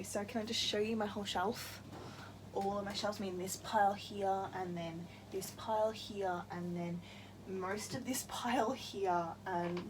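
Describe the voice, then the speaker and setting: A young woman chatting casually in a book-tag vlog, gushing and quick to get worked up, laughing often. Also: medium pitch, slight background noise. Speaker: book vlogger.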